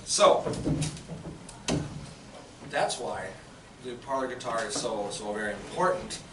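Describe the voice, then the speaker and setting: A man's voice: lowish voice, lively intonation, slow pace, background noise. A man, a living history performer, chatting loosely to visitors about an old song, with fillers and restarts. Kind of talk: casual historical talk to visitors. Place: small historic clerk office indoors. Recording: echoey room, from far off, loud guitar.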